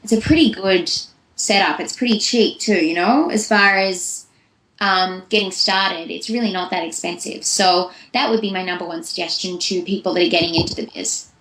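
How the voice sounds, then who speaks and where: A woman's voice: lowish voice, moderate pace, fairly bright tone, reverberant, rough recording. A young woman, a voice actress, giving chatty, long-winded answers in a casual interview. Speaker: voice actress guest.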